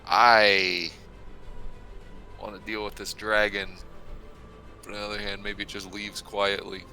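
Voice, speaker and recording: Slow, hesitant male player. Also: lowish voice, level tone, bright, forceful tone, faint music behind. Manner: hesitant, many fillers, laughing. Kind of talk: casual tabletop play.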